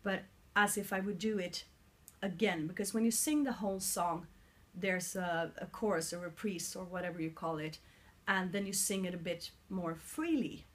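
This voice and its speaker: A woman's voice: fairly low pitch, normal speed. Swedish-accented woman vlogging on her phone. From Sweden. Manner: earnest and explanatory, searching for words at times. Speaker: singer vlogging her vocal training. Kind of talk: casual explanatory vlog. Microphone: mobile phone.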